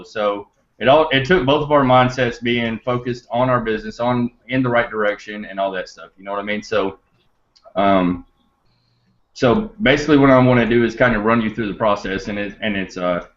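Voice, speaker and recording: A man's voice: on the low side, a bit bright. Man, podcast host, casual storytelling, rambling, chatty, laughs often, muffled lo-fi sound. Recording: dull lo-fi recording.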